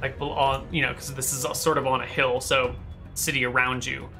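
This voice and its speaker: A man's voice: mid-range voice, little pitch movement, moderate pace, bright, forceful tone, faint music behind. A man narrating a tabletop game as game master, describing scenes casually with many fillers.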